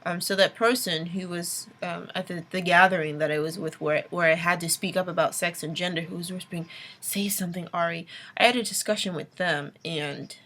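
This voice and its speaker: A woman's voice: lowish voice, steady tone, fairly quick, few pauses, a bit bright. A young adult woman vlogging a late-night rant, exasperated, with sighs and whispered asides.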